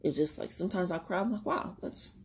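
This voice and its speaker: A woman with a low voice talks through her thoughts in a loose, rambling podcast monologue. She is candid and swears freely, laughing often, and at times she sounds tearful. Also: very fast, a little mellow, slightly rough. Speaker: podcast host. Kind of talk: reflective solo podcast monologue.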